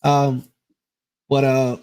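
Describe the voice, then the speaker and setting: A man's voice: mid-range voice, monotone, drawn-out words, darkish tone, clean tone. A man on a podcast telling a rambling, profane story in casual chat, laughing as he goes. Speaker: podcast co-host.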